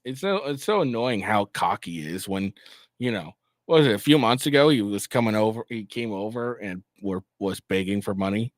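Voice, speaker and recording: A man's voice: on the low side, moderate pace, no room sound, clean studio sound. A man hosting a political commentary vlog, ranting in a mocking, profane way. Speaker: host.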